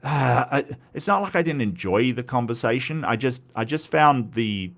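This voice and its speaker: An Australian man hosting a live stream, talking loosely and answering his chat. He rambles, stumbling over his words and restarting his sentences often. His pitch sits in an ordinary middle range. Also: lively intonation, normal speed, a bit bright. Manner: rambling, many stutters and restarts. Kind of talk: casual live commentary reading chat.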